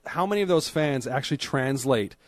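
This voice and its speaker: A man's voice: medium pitch, lively intonation, fairly quick, dry recording. A man co-hosting a podcast in casual chat, rambling and trailing off, laughing often. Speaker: podcast co-host. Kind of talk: casual chat about wrestling.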